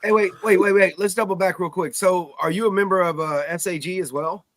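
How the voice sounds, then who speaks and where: A man's voice: high-pitched, steady tone, a little fast, fairly bright tone. A man co-hosting a casual talk show, easygoing and joking with the others. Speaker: podcast co-host. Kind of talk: casual chat.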